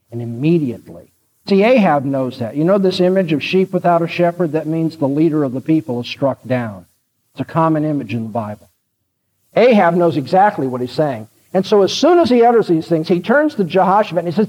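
A male preacher delivers a sermon in an earnest, direct manner, walking listeners through his point. His voice runs fairly high. The recording sounds dull and lo-fi. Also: normal speed, darkish tone, big-room sound.

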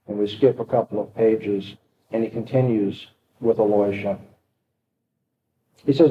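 A man's voice: on the low side, steady tone, normal speed. Man lecturing, reading aloud dramatically. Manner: dramatic reading with rising intensity. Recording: echoey, tinny phone-like audio.

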